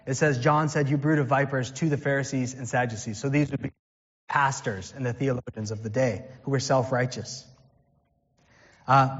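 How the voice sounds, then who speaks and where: A man's voice: on the high side, fairly bright tone. A man, preaching a conversational sermon and quoting scripture. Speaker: pastor. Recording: dull sound with long hall reverb.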